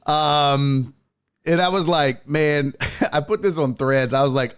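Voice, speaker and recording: A man's voice: on the high side, moderate pace. A man hosting a sports talk show, telling a profane story in a casual comedic way and putting on other people's voices. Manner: animated, profane, voices people in his stories. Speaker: podcast host.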